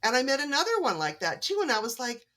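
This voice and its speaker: A woman's voice: sits high, wildly swooping pitch, quick pace, bright, forceful tone. A woman from Canada, an author guest on a podcast, telling stories in a friendly, chatty way. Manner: friendly, storytelling. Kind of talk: casual interview chat.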